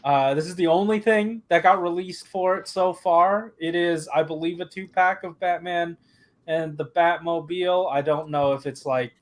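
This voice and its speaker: A man co-hosting a casual live-stream chat, blunt and excitable. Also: a little high, normal speed. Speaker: podcast co-host.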